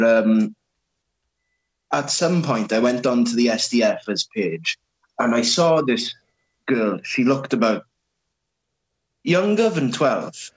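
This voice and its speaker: Hesitant man, husky voice. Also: medium pitch, lo-fi sound. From Wales. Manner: hesitant, many fillers and restarts. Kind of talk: casual chat.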